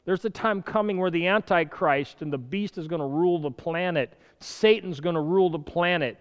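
Male preacher, lively sermon delivery, loud bursts and soft asides, smooth voice, hall echo. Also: high voice, moderate pace. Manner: animated, swinging between loud urgent bursts and quiet asides, chuckling.

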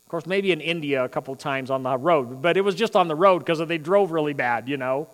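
A man with a high voice preaches a sermon from the pulpit, pushing hard on his emphatic points and then dropping to low, wry asides. The sound carries the long reverb of a large hall. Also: brisk. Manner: animated preaching, swings between loud emphasis and quiet asides. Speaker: pastor.

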